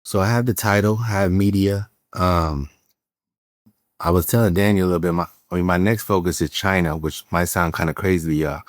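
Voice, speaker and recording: Man, very low voice, animated storyteller, dry close recording. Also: brisk, dry recording. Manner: animated storyteller, acts out quotes, frequent fillers and restarts. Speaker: real estate entrepreneur guest. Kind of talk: casual storytelling interview.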